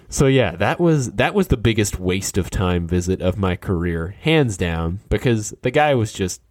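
A man casually telling an anecdote, animated and skeptical, quickly quoting the other people in it. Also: lowish voice, no room sound, studio quality. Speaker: storyteller. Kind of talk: casual storytelling.

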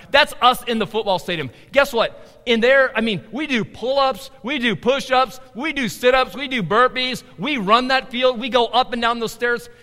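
Man, middle-aged pastor, sermon, high voice, animated, loud emphasis and low asides, live hall reverb.

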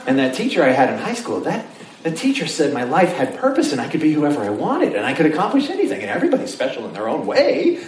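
A man's voice: fairly high pitch, fast talker. A man preaching a sermon in a casual, joking way, acting out the voices of his listeners. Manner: animated, jokey, acts out voices of listeners. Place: church sanctuary. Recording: roomy, distant mic with faint noise.

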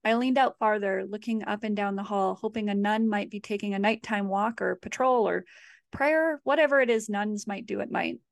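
A woman reads her horror fiction aloud in a measured, steady way. Her voice sits at a middling pitch, and the recording is dry and close, with no room sound. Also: vocal fry, dry recording. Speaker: author. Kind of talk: horror story reading.

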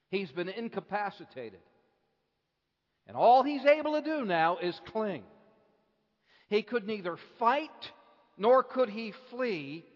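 A man preaching a sermon, moving between hushed lines and impassioned outbursts with slow, deliberate phrasing. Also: high-pitched. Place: church hall. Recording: dull lo-fi recording with long hall reverb.

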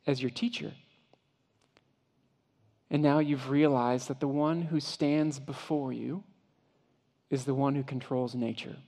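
Man preaching in a reverberant hall. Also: medium pitch. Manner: vivid second-person storytelling, dropping to hushed tones. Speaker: pastor. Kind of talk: sermon retelling a story.

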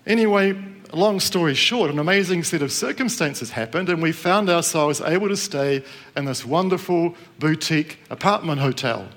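A middle-aged man from New Zealand gives a sermon to a gathered congregation. His voice sits a little on the high side, and he tells a personal story in a relaxed, conversational way. He keeps asking the room questions as he goes. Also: moderate pace. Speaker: preacher. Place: church with live congregation.

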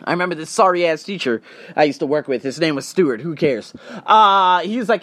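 An animated young man rants through a story into a close, dry mic, his voice jumping up and down in pitch. He swears freely and slips into quick impressions of the people he meets. His voice sits a little high. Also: dry recording. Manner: animated, profane, acts out other people's voices. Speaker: podcast host. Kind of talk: casual storytelling rant.

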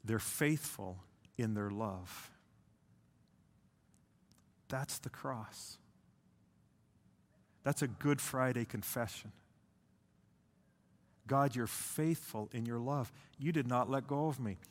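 A male pastor preaching a sermon, swinging between intense and hushed delivery, with slow drawn-out phrases. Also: mid-range voice. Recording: long hall reverb.

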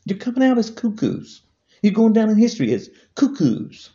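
Heated and sing-song, a male vlogger fires repetitive insults into the camera during a political tirade, his voice rising and falling. He talks at a moderate pace with a warm tone, though the highs are cut off.

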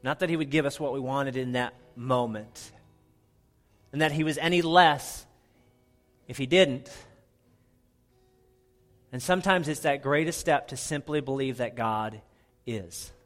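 A middle-aged man preaching a sermon as pastor, earnest, often dropping to a soft, hushed delivery for emphasis. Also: mid-range voice, a little slow, long pauses, faint music behind.

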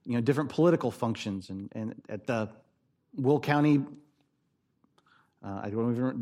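A man preaching a sermon as a pastor, conversational and emphatic, repeating his key points. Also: medium pitch.

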